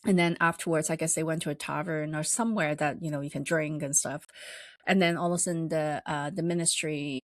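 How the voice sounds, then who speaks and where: A woman's voice: steady tone, a little fast, no echo. A woman podcast host retelling a story in a rambling, casual way with plenty of fillers. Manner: rambling, many fillers, acts out quoted voices higher.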